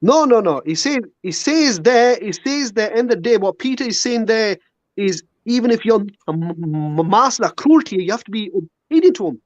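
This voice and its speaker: A man's voice: sits high, lively intonation, a little fast, no echo, muffled recording. A man calling into a heated religious debate, argumentative, interrupting and stumbling over his words.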